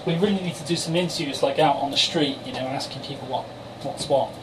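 A man's voice: mid-range voice, quick pace, background noise. A man co-hosting a podcast, laid-back and teasing in casual banter. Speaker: podcast co-host.

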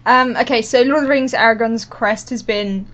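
A woman co-hosting a casual gaming podcast, reading out news items briskly and reining in her co-hosts. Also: on the high side, fairly bright tone. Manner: brisk, reads news items between playful scolding. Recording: dull lo-fi podcast audio.

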